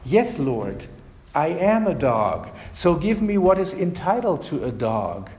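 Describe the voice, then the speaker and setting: A man's voice: a little high, very animated, slow pace, a little mellow. A man voicing a desperate foreign mother who pleads insistently for her daughter. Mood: pleading. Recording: echoey hall reverb.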